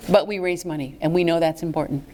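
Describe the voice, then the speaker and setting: A woman presenting a fundraising workshop to a live audience in a lively, chatty way. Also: lowish voice, quick pace. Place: meeting room with a live audience.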